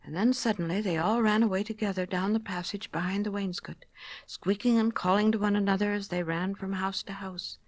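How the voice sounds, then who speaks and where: Brief: female storyteller, soft children's story reading, middle pitch. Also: fairly even intonation, a little fast, no echo.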